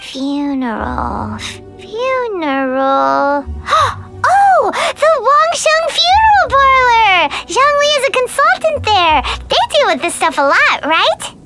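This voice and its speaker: An actress voicing a tiny, chatty and excitable floating fairy companion in a video game, with a squeaky childlike voice, talking about herself in the third person. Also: female voice, moderate pace, few pauses. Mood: excited. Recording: game audio with music behind.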